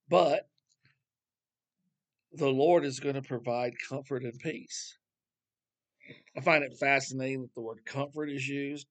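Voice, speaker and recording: A man of middle pitch teaching from scripture in a loose, chatty way. He wanders into asides and throws out rhetorical questions as he talks. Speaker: Bible teacher. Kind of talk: casual Bible teaching.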